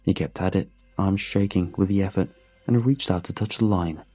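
Male narrator, measured delivery, dark and husky low voice. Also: soft background music. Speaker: storyteller. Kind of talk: first-person story narration.

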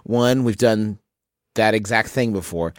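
Lowish guy cohosting a funny podcast, goes on and on, chuckles into his words. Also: unhurried, no room sound, clean studio sound. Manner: rambling storyteller, laughs mid-sentence. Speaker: podcast co-host. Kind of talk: comedic podcast banter.

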